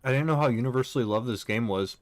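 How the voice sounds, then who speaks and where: A man's voice: medium pitch, fast, no room sound. A young man streaming a game, chatting casually with chat and rambling with lots of fillers. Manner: rambling, filler-heavy, reads chat aloud.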